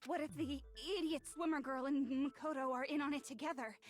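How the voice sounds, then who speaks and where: A woman's voice: high-pitched, steady tone, fairly quick, lightly acted. A woman voicing a pushy teen student who confidently accuses another of murder in a game trial. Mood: accusing. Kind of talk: fan voice acting of a game.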